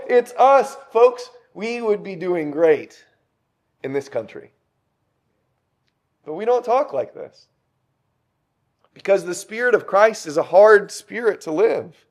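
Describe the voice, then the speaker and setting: Male preacher, high-pitched, lively sermon delivery, asks the room questions. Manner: animated, rhetorical questions to the congregation.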